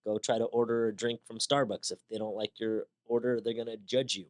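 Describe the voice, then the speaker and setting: A man's voice: on the low side, little pitch movement, brisk. A man hosting a podcast, talking through ideas in a conversational monologue with rhetorical questions and a personal story. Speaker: podcast host. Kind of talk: reflective monologue.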